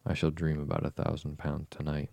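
A man voicing a polite but impatient young girl in a storybook reading, with a brisk, slightly cross manner. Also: very deep voice, monotone, creaky, darkish tone, dry recording.

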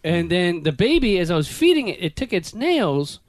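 A man telling stories in casual chat, laughing and acting out voices and yells. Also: high voice, moderate pace, dry recording. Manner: animated storyteller, laughing, acts out voices and yells.

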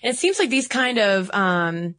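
A woman's voice: mid-range voice, big pitch swings, moderate pace, a bit bright, no echo. A woman from the Southern United States co-hosting a podcast, explaining research in a casual chat and laughing easily. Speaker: podcast co-host.

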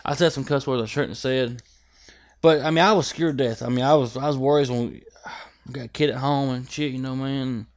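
A man's voice: mid-range voice, steady tone, a little fast. A man with a drawl swaps stories on a podcast mic. His voice sits in an ordinary middle range. He tells things with lots of profanity and acts out every scene. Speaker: guest. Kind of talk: casual storytelling chat.

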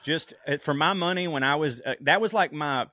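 A man's voice: a little high, fairly quick, pushed and bright, no echo, clean studio sound. A man co-hosting a comedy podcast, chatting casually, rambling with restarts, swearing and laughing often. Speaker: podcast co-host.

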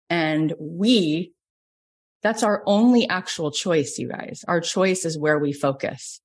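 A middle-aged woman from Florida, a business coach telling a personal story, animated and acting out quoted lines. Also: slow. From Florida, USA. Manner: animated, acts out quotes with big pitch jumps. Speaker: business coach and podcast host. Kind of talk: storytelling lesson.

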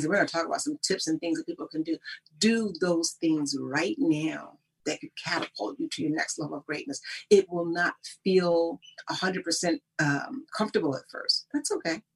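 A woman with a low, breathy voice speaks at a normal speed. As a guest on personal growth, she delivers emphatic, somewhat preachy motivational talk in conversation, laughing often.

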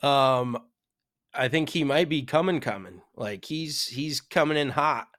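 A man's voice: mid-range voice, measured pace, a bit bright, dry recording, clean studio sound. A man co-hosting a golf podcast, talking frankly and casually, with some swearing and self-mockery. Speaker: podcast co-host.

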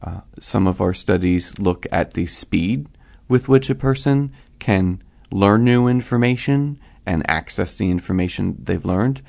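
A man with a very low voice explains things patiently and in order, as a researcher being interviewed. His voice has a gravelly, creaky edge. He talks in measured, careful steps. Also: a little mellow.

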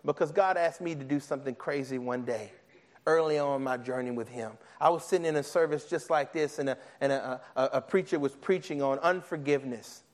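A man preaching a sermon, animated, acting out biblical characters and his own thoughts, with many restarts. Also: medium pitch, brisk. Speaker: pastor.

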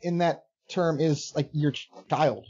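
A man's voice: on the high side, fairly even intonation, measured pace, darkish tone, husky, dull audio. A man co-hosting a casual podcast, speaking bluntly with joking asides. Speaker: podcast co-host. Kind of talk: casual chat.

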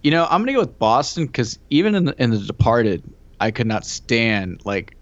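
A man's voice: mid-range voice, big pitch swings, moderate pace, no echo. Man with a dull, dry, lo-fi sound. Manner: rambling, joking, lots of "like" fillers. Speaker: podcast co-host. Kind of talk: casual chat.

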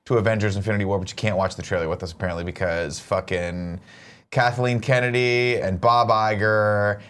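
A man hosting a casual chat show, talking in a fairly low voice. He jokes around, swears freely and throws in quick asides. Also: steady tone, fairly bright tone, clear, resonant tone. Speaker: show host.

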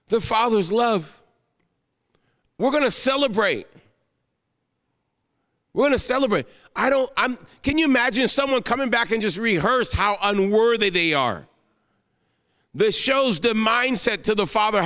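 A guest pastor preaching an emotional sermon, rising to exclamations and then falling soft into prayer. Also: male voice, high-pitched, lively intonation, moderate pace, long reverb tail.

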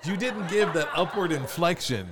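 A man's voice: on the high side, lively intonation, moderate pace, a crowd in the background. A male co-host in improvised comedy banter, playful and argumentative, laughing often.

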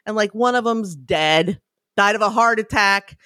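Female podcast co-host, casual storyteller, bursts into animated impressions, dry close sound. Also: mid-range voice, measured pace, dry recording. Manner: animated storytelling, breaks into loud excited impressions. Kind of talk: casual chat.

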